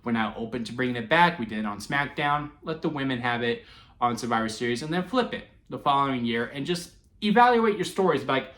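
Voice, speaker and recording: A chatty man talks through a wrestling event in a loose, animated way, laughing as he goes. His voice sits at an ordinary middle pitch. The sound is roomy and echoey. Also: brisk. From Texas. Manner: chatty and animated, laughs often, restarts and fillers. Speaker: wrestling reviewer. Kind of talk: casual solo review. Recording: echoey room.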